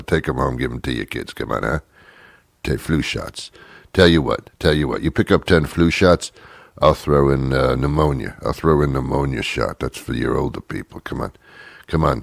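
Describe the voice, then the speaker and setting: A man voicing a shady male street dealer who hustles passersby in a low, pushy patter. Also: vocal fry, no echo, clean studio sound, full character voice. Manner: hushed, pushy sales patter.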